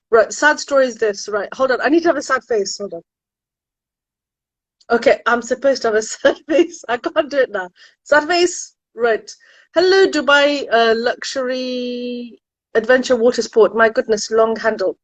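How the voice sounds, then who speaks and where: On a live stream from her home, a university admissions consultant with a high-leaning voice chats eagerly with her audience, often breaking into exclamations. The audio is dry and rough.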